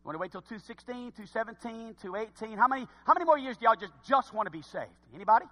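A man preaching a sermon to his congregation, folksy and direct, swinging from hushed asides to shouts. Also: very high voice, lively intonation, fast. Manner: folksy, talks straight to the congregation. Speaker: pastor. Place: church sanctuary. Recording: long hall reverb.

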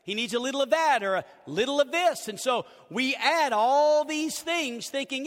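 Male pastor, very high voice, emphatic repeating sermon delivery, reverberant sanctuary. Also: lively intonation, normal speed, hardly any pauses, a bit bright. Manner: emphatic, repeating key phrases. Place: church sanctuary. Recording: long church hall reverb.

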